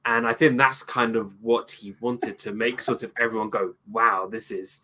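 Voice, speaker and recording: A man's voice: medium pitch, fairly even intonation, moderate pace, sharp tone. British man musing in a film review chat. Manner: thoughtful, rambling with many restarts. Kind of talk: casual movie review chat.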